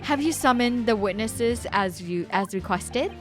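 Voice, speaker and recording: A woman's voice: on the high side, animated, soft background music. Woman reading as a stern formal judge. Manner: formal, measured. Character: stern older male courtroom judge. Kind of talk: reading game dialogue aloud.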